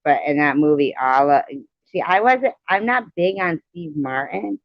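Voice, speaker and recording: A woman's voice: sits low, animated, unhurried, dry recording, highs cut off. A woman hosting a live stream, chatting casually and rambling about old movies she remembers. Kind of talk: casual chat.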